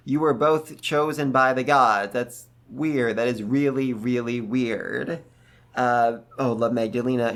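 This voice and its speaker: A man hosting a casual, animated book recap who jumps into voices for the characters. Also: mid-range voice. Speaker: book review host.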